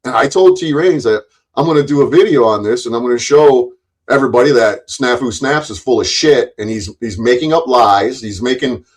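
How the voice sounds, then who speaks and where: A man's voice: medium pitch, brisk, rough recording. A man hosting a live stream, ranting angrily with lots of cursing and rambling restarts.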